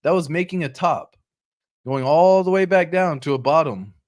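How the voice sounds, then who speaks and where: A man hosting a casual crypto show, talking over charts in an excitable, slangy way. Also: on the high side, normal speed. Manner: excitable, chatty, slangy, laughs often. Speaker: crypto channel host.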